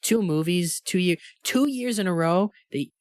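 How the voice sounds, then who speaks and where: A man's voice: high voice, normal speed, no room sound, studio quality. A man co-hosting a podcast, chatting casually and reading movie quotes aloud with relish, laughing often. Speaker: podcast co-host.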